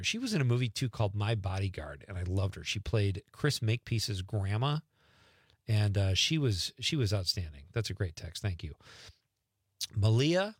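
Man, middle-aged, radio host, animated pitch, dry studio sound. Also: breathy edge, no room sound. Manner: lively, jokey, quick reactions. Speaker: radio talk show host. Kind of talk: casual radio chat reading listener texts. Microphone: studio microphone.

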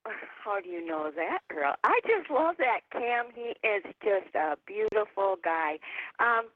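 A woman's voice: mid-range voice, big pitch swings, dry recording. An older woman calling in to a talk radio show, talking in a rambling, indignant way. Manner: rambling, indignant, drawn-out phrases. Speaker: caller. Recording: phone line.

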